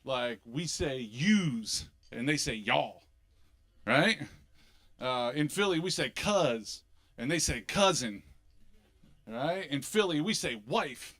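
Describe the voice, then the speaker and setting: A middle-aged man from Philadelphia with a Philly accent, doing an animated, punchy stand-up comedy set on a club stage. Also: medium pitch, takes it slowly. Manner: animated, punchy delivery with sudden loud bursts.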